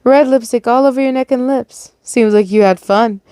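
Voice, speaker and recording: A woman's voice: a little high, moderate pace, mellow, clean tone, no room sound, close to an everyday voice. A woman voicing a mocking male doctor who confronts a rival in a read-aloud story. The mic sound is dry.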